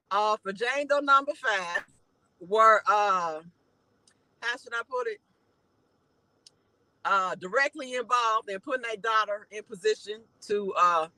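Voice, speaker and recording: A woman from Chicago with a Chicago accent, the host of a commentary channel, talking to her viewers with emphatic, heated delivery that climbs to shouting when she is indignant. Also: mid-range voice, no room sound, poor audio.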